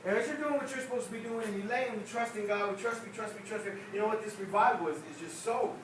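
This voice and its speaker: A high-pitched male evangelist preaches a revival sermon in a church sanctuary, building his points through repeated, emphatic refrains. He is picked up from a distance, with heavy echo and clear room noise around him. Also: quick pace. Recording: echoey church hall, distant mic, noisy.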